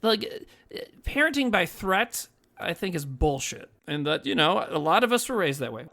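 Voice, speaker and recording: A man's voice: high voice, big pitch swings, normal speed, creaky, sharp tone. A man co-hosting a podcast in casual chat, earnest and profane, rambling with lots of fillers. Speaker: podcast co-host.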